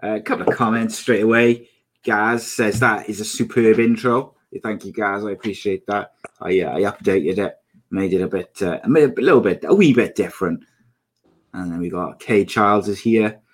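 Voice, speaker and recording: A man hosting a podcast, running through a quick intro and then reading out viewer comments in casual chat. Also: lowish voice. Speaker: podcast host.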